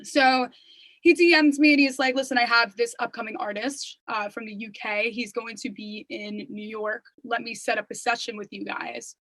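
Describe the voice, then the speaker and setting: A woman's voice: a little high, steady tone, normal speed, a bit bright, dry recording, poor audio. A young woman telling her story as an interview guest, chatty and full of "like" and "you know.". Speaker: interview guest, singer-songwriter. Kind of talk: casual interview chat.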